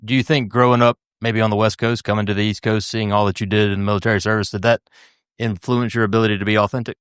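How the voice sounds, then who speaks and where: A man's voice: on the low side, level tone, fast, clear, resonant tone, no echo, clean studio sound. A man hosting an interview show who asks questions in a friendly, encouraging way. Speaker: podcast host.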